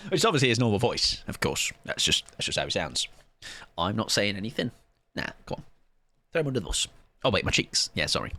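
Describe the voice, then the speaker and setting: A man's voice: on the low side, big pitch swings, fairly quick, sharp tone. A man chatting casually on a live game stream, joking and rambling with plenty of self-mockery. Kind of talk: live gaming stream chat.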